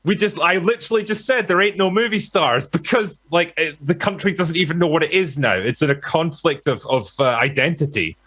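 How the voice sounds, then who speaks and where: A British film commentator, a guest on a podcast, talks about movies in a halting way, leaning heavily on fillers and restarts. His voice sits on the high side, expressive and a bit bright.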